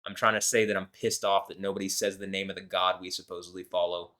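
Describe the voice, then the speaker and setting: Rambling, profane man, low voice. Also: flat delivery, sharp tone. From United States. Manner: profane, rambling, reads verses slowly then rants. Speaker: host. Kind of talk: scripture reading with rambling commentary.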